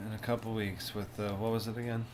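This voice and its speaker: A man's voice: fairly low pitch, flat delivery, fast talker, darkish tone, a little hiss or hum, poor audio. A man co-hosting a podcast in casual, rambling chat while watching a show. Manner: laid-back, rambling, laughs and coughs. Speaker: podcast co-host.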